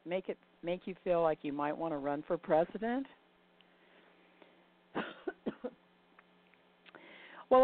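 A woman's voice: fairly low pitch, dry recording. An older woman telling a reflective story and posing rhetorical questions to the listener. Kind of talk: reflective spoken monologue. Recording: dry, tinny phone-like sound.

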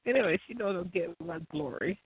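A man with a raspy, gravelly voice, rambling and swearing in a loose monologue. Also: high-pitched, fast, dry recording. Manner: profane, rambling, laughs often. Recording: tinny phone-like line, dry.

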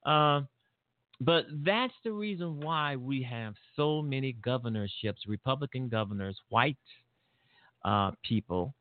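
A man's voice: mid-range voice, unhurried, dry recording. A man hosting a talk show, giving a blunt, rambling political monologue full of fillers and repeats. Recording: tinny phone-like line.

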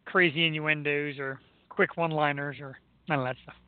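A man with a Philadelphia accent hosts a radio show in a loose, excitable chat. His voice sits high. The sound is dry and narrow, like a phone line. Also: brisk, clean tone, no echo. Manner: excitable, rambling, laughs often. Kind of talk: casual chat.

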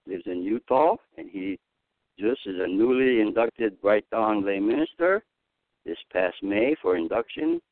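Animated male minister, tinny phone-like sound. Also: dry recording. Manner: animated, swings pitch widely and laughs at himself. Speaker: minister giving a Dharma talk. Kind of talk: live Dharma talk. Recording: tinny phone-like band, dry.

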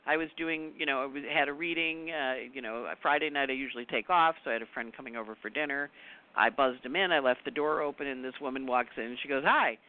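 A woman's voice: very deep voice, fast. A woman astrologer giving her weekly forecast in a chatty monologue, repeating words for emphasis and telling personal anecdotes. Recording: tinny phone-like audio.

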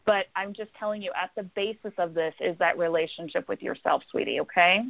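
A woman's voice: lowish voice, steady tone, brisk, gravelly. A woman giving a psychic reading on a call-in show, affectionate, calling callers honey and sweetie and checking in with "okay?" again and again. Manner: warm, affectionate, repeats "okay?" often. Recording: tinny phone-line sound.

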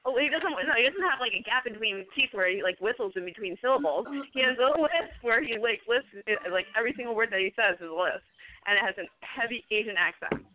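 A man's voice: very high voice, animated, fast talker. A man co-hosting a podcast in casual chat, laughing often as he tells stories. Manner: giggly, laughs often between sentences. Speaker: podcast co-host. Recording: tinny phone-like sound.

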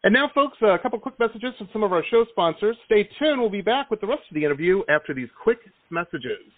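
A man's voice: sits high, sing-song, fast. A man hosting the show, reading a sponsor break and site plug in an upbeat promotional manner. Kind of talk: announcer-style break read. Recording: tinny phone-like sound.

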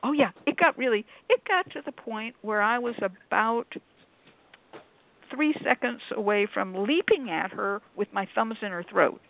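Animated woman storyteller, gravelly and phone-thin, acts out quotes. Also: a little high, normal speed, slight background noise. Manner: animated, acts out quotes, talks with many fillers. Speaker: shop worker on a call-in show panel. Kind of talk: casual storytelling. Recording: tinny phone-like line.

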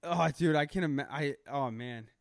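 A man's voice: fairly high pitch, moderate pace, gravelly, no echo, studio quality. A young man co-hosting a podcast, chatting crudely and jokingly and saying "dude" a lot. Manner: profane, joking, says "dude" often. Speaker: podcast co-host. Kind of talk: crude casual chat.

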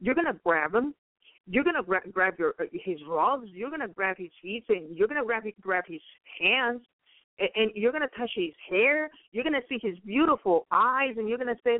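A woman's voice: a little high, animated, no echo. Earnest woman preaching over a tinny line. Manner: earnest, halting, many repeated words. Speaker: guest speaker. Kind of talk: preaching testimony.

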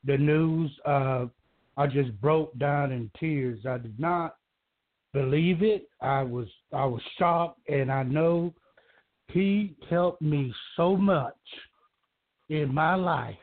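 A man from Georgia calling in to a talk show, speaking emotionally in a halting, rambling way with many restarts. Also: on the high side. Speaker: caller. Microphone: telephone. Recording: tinny phone line.

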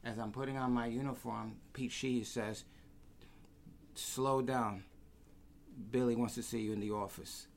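Animated New male guest, storyteller, slips into other people's voices, faint room noise. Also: mid-range voice, unhurried, creaky, long pauses. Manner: animated, acts out quoted voices. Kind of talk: casual anecdotes.

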